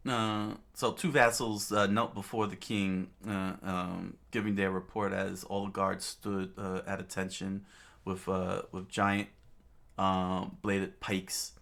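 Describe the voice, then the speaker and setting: Brief: male reader, low voice, very slow, halting with frequent self-corrections and asides. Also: level tone, vocal fry, fairly bright tone. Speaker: narrator reading a manga aloud. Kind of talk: casual reading with asides.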